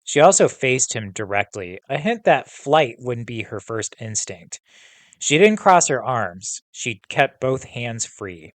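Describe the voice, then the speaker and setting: A male teacher reading a novel aloud to students, pausing to pose comprehension questions in a steady, instructive way. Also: mid-range voice, no echo.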